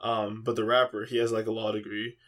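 A man's voice: fairly low pitch, little pitch movement, fairly quick, a bit bright. A young man co-hosting a casual podcast, rambling with lots of fillers. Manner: rambling, filler-heavy storytelling. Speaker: podcast co-host.

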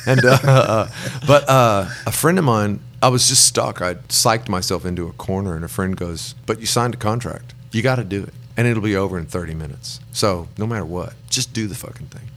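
Man, middle-aged, low voice, faint background noise, rambling anecdotal storyteller. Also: brisk, few pauses, a bit bright. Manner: rambling anecdotes, acts out quoted people, chuckles. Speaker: guest songwriter. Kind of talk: relaxed storytelling in an interview.

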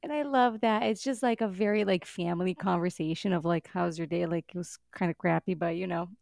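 Animated woman co-hosting a podcast. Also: on the low side, a little fast, vocal fry, no echo, clean studio sound. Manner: animated, exasperated, swears and laughs. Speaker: podcast co-host. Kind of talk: casual podcast chat.

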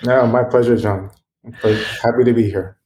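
A man being interviewed as a guest, telling a personal story in an earnest, halting way with frequent ums and restarts. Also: medium pitch, steady tone, darkish tone. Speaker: guest, computational biologist.

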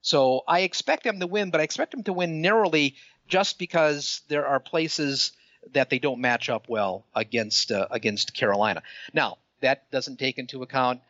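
Male podcast co-host, casual chat, halting and repetitive delivery, dull dry lo-fi sound. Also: mid-range voice, fairly bright tone, no room sound. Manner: hesitant, repeats words while thinking.

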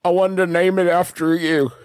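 A man's voice: sits high, level tone, moderate pace, dry recording, clean studio sound, voice pushed up, close to an everyday voice. A man doing a prank-call voice of a rambling, flustered small-town ham seller. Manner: awkward, oversharing, flustered prank-caller rambling. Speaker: prank caller.

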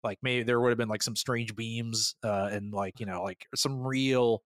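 A man's voice: mid-range voice, fairly even intonation, normal speed, fairly bright tone, no room sound, studio quality. A man co-hosting a podcast, chatting casually through an episode recap with lots of fillers and acted-out lines. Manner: rambling, filler-heavy, acts out characters' lines. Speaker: podcast co-host.

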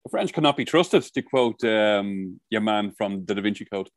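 A man co-hosts a casual podcast chat outdoors by the coast, spinning rambling stories and swearing freely. His voice sits on the low side with lively intonation and a moderate pace, and there's no room sound.

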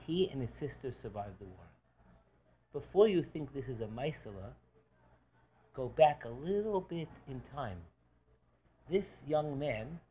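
Animated rabbi teaching a class. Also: male voice, medium pitch, husky. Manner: animated storyteller, restarts phrases, takes student questions. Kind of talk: Torah class lecture. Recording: lo-fi recording.

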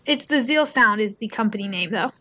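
A woman's voice: mid-range voice, expressive, fairly quick, pushed and bright. A young woman co-hosting a casual podcast chat, chatty and often saying "um" and "so". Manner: chatty, with fillers like um and so. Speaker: podcast co-host.

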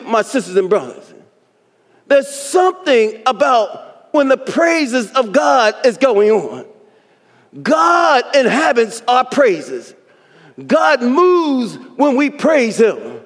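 Fervent male preacher, very high pitch, whoops and shouts, long hall reverb. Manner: whooping, shouting praise with rising fervor. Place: church sanctuary. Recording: long reverb of a church sanctuary.

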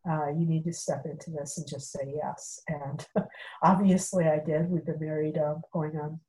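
Middle-aged woman, slightly low voice, casual storyteller who acts out dialogue. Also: moderate pace, rough recording. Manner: animated, acts out quoted dialogue, many fillers. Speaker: guest telling a personal story.

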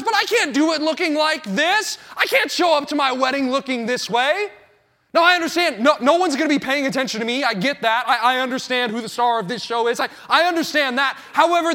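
Male pastor, 30s, high and bright, animated storyteller. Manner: animated storytelling, acting out his own panic. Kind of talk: sermon.

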